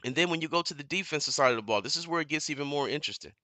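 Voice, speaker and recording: A man in a fired-up, profane fan rant on his live stream, repeating himself and getting louder as he goes. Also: a little high, expressive, rapid-fire, no echo. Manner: heated, profane, repeats himself, builds to shouting. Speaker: sports commentator streamer. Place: home living room.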